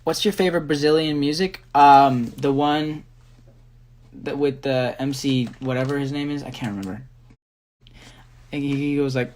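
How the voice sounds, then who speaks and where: A young man, a dancer, answering fan questions on a phone live stream, relaxed and rambling, reading each question aloud. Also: mid-range voice, normal speed, pauses often. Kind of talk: casual live-stream chat.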